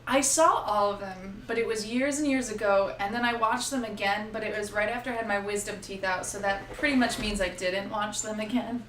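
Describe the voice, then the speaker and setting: A woman's voice: mid-range voice, steady tone, fairly bright tone. A woman guesting on a game stream, joking around in playful, teasing casual chat. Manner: playful, teasing, quick asides. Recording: roomy, distant mic, background noise.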